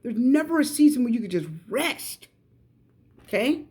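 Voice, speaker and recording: A middle-aged woman reads tarot cards for her viewers in a chatty, emphatic way, pressing each point home. Her voice sits a little high but has a mellow, warm tone. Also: animated, normal speed. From United States. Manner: chatty, emphatic, repeats advice directly to viewers. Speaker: tarot reader. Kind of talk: pick-a-card tarot reading.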